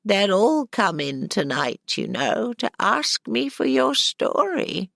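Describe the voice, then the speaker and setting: A woman's voice: big pitch swings, gravelly, no echo, studio quality, heavily acted. A woman voicing a chatty, bossy old woman over eighty who tells stories at an inn. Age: over 80 (figure). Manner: high, slow and loud calls.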